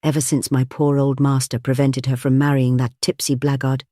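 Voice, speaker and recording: A man's voice: medium pitch, completely flat delivery, moderate pace, dark tone, dry recording, studio quality, natural voice. Magnus, a placid sneering manservant, as read by a man. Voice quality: hacking accent. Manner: placid, insinuating.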